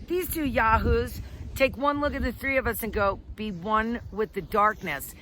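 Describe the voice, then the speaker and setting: A woman ski instructor telling a story outdoors on a ski slope, animated and laughing often. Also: fairly high pitch, a little hiss or hum. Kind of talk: casual storytelling.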